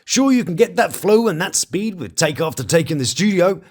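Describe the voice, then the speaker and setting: A man's voice: animated, normal speed. A man hosting a commentary channel, mocking reality TV stars in a dry, sarcastic way. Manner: mocking, dry asides with sudden pitch jumps.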